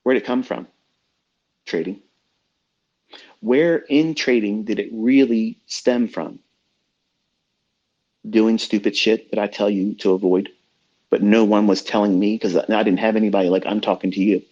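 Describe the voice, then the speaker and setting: Heated, foul-mouthed middle-aged male trading mentor, lowish voice, muffled lo-fi stream. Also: fairly even intonation, a little slow, pauses often, darkish tone. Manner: blunt, profane, heated. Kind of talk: ranting motivational talk. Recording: dull lo-fi online audio room.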